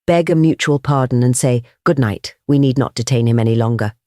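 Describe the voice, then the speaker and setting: A reader voicing a mild, unassuming small male priest detective in an audiobook, quiet and calm in manner. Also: medium pitch, brisk, no room sound, studio quality, natural voice. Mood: gentle. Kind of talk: audiobook dialogue.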